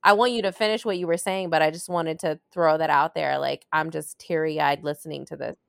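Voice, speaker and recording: A woman's voice: deep voice, fairly even intonation, fairly quick, vocal fry, smooth, no room sound, clean studio sound. A woman hosting an interview, speaking in an encouraging, affirming way and often asking "right?". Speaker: interview host. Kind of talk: supportive interview conversation.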